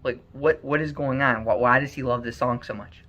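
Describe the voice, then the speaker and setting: A man telling a story aloud in an earnest, animated way, on a muffled lo-fi recording. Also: medium pitch, normal speed. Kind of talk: spoken storytelling.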